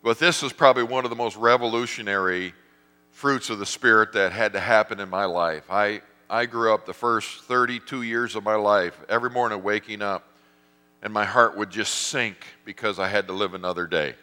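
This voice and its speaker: Low-voiced pastor in a reverberant hall. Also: male voice, moderate pace, bright, forceful tone, clear, resonant tone. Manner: storytelling, acts out voices, self-deprecating. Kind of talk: sermon.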